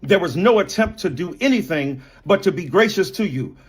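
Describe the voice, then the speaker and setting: A man's voice: high-pitched, lively intonation, moderate pace, husky. A man in a heated on-air debate, speaking indignantly and emphatically, stacking up accusations one word after another. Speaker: guest in a televised debate.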